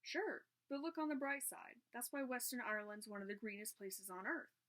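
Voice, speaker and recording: A woman's voice: on the high side, animated, moderate pace, a bit bright. A woman reading aloud, voicing a large, bearded, good-natured male professor in a storybook.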